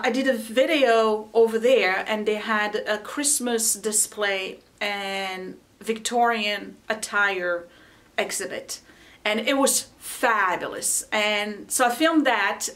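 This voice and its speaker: A woman's voice: mid-range voice, fairly bright tone. A middle-aged woman chatting casually to camera at home, rambling and laughing often as she talks about holiday decorating.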